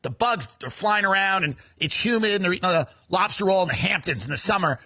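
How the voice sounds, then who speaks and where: A man's voice: high-pitched, expressive, a little fast, sharp tone. A man delivering a sarcastic, profane comedic rant full of heated rhetorical questions.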